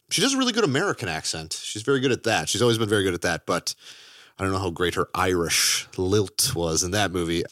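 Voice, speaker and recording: A man hosting a casual film podcast, energetic and jokey, laughing often. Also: lowish voice, no room sound, clean studio sound. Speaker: podcast host.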